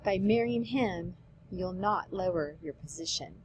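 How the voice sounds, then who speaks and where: A woman's voice: fairly low pitch, a little slow, a little hiss or hum, lightly acted, poor audio. A woman voicing a firm, matter-of-fact noble mother, reading a play aloud. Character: noble middle-aged mother, firm and businesslike.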